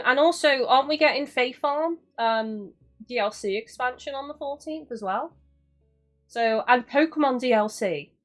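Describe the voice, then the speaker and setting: Chatty woman streaming a cozy game. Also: fairly high pitch. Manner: chatty, talks to chat, swears casually. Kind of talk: casual live-stream commentary.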